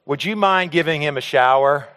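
A man with a fairly high voice tells a personal story to a crowd, acting out the scenes as he goes. He stammers and repeats words as he talks. His voice rings out with the long reverb of a big hall. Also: normal speed, fairly bright tone, smooth. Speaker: speaker telling a personal story to an audience. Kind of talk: storytelling talk on stage.

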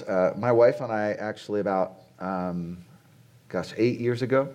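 A man's voice: lowish voice, a little mellow. A man in his late forties giving a conversational sermon to a conference audience, chatty and asking the crowd rhetorical questions. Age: 40s. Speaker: conference speaker. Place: conference venue.

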